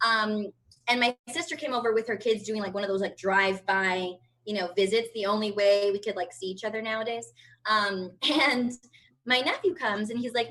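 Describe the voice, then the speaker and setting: A woman's voice: medium pitch, normal speed, pushed and bright, poor audio. A woman in her thirties doing a brash, profane stand-up routine from home over a video call. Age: 30s. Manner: brash, profane, chatty storytelling. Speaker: stand-up comedian.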